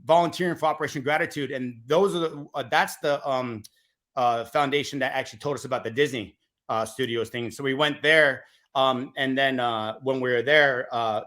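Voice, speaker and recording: A man who is a guest on a podcast, telling a story in an animated, casual way with some fillers. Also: medium pitch.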